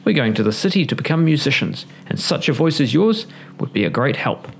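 A man voicing a steady, kindly old male donkey who speaks calmly and measuredly. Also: a little high, a little fast, gravelly, a little hiss or hum.

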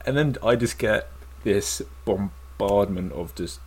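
A man's voice: fairly low pitch, takes it slowly, a little mellow, slightly rough. A young British man chatting casually on a podcast, swearing freely and laughing through his own stories. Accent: British English. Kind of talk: casual chat.

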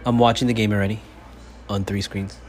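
A man's voice: fairly low pitch, flat delivery, fairly quick. A man hosting his own sports fan podcast, delivering a profane, fired-up monologue. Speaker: podcast host. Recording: faint background noise.

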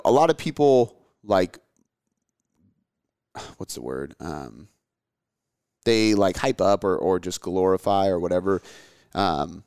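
A low, slightly mellow male voice belongs to a podcast host in his thirties fielding listener questions. Recorded at studio quality with no room sound, he chats casually and candidly, wandering off-topic with frequent swearing and fillers.

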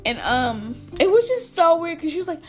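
Young woman vlogger, high-pitched, chatty storyteller who keeps cracking up. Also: moderate pace, soft background music. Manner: animated, laughs through her story, talks to viewers. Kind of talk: storytime vlog.

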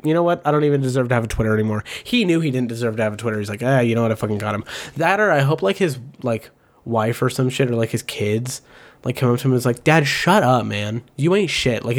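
A man talks off the cuff as host of a casual show. He rambles, fills gaps with "like" and "um", and swears often. He jumps between asides and now and then puts on other people's voices. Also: mid-range voice. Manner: rambling and animated, heavy swearing, many fillers. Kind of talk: casual commentary.

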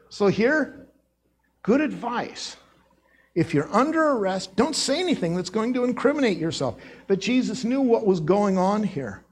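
A middle-aged male pastor preaching with a high, husky voice. His pitch swings widely as he acts out quoted dialogue. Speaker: former associate pastor. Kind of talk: sermon.

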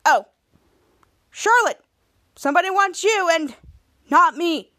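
A woman's voice: very high voice, lively intonation, slow, pushed and bright, no room sound, studio quality, pitched above the performer's own voice, heavily acted. A woman voicing a boastful, childish grown superhero, quoting his lines smugly.

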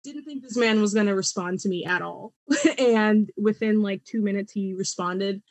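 A woman's voice: medium pitch, normal speed, no room sound. A young woman, a podcast guest, telling a personal story with lots of laughter and acted-out voices. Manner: animated, laughs often, acts out quoted voices.

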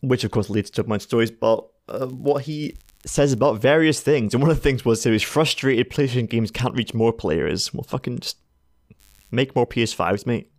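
A man's voice: medium pitch, fairly quick, hardly any pauses. A man hosting a casual gaming podcast, teasing his co-hosts and steering the chat onward. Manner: wry, teasing, keeps the show moving. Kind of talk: casual banter with friends.

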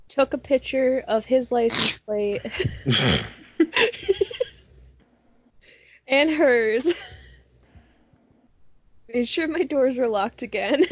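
A young woman chatting casually with friends and telling an animated story, swearing freely. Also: high voice, no echo. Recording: muffled lo-fi sound, dry.

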